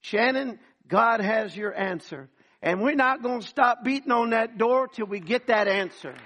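A man's voice: very high-pitched, unhurried, pushed and bright. A man preaching a sermon as pastor, calling out to the congregation and acting out voices as he goes.

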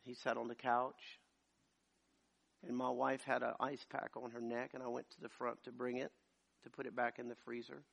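A man preaching a sermon as pastor, moving from quiet storytelling to loud, shouted preaching. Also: mid-range voice, little pitch movement, normal speed, creaky. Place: church.

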